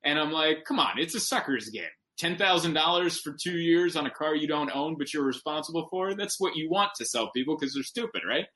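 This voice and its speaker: With a fairly high-pitched voice, a male stand-up comedian shares a story during a casual podcast chat, lively and emphatic, with rapid self-corrections.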